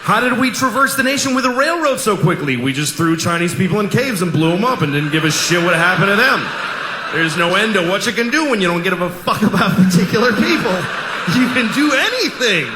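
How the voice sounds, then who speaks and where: High, sarcastic stand-up comedian. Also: male voice, animated, brisk. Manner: provocative, sarcastic, building rants. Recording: echoey live venue with noise.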